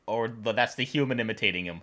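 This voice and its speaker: A woman's voice: extremely low pitch, fast talker, fairly bright tone. A woman hosting a reaction video, exclaiming, cooing and laughing as she comments on funny animal clips. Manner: laughs often.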